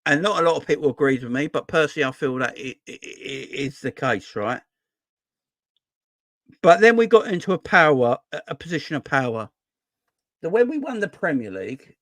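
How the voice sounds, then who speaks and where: A man's voice: mid-range voice, a bit bright, dry recording, studio quality. A man hosting a football fan channel, giving a rambling casual opinion monologue that repeats phrases and keeps checking with "yeah?" and "right?".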